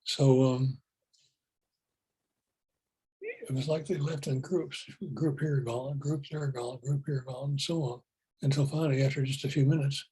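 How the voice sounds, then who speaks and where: A calm man tells his story at an unhurried, even pace. His voice is mellow and a little husky. He keeps a plain, matter-of-fact tone. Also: medium pitch, low-quality recording. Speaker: speaker telling spiritual experiences. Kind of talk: personal storytelling.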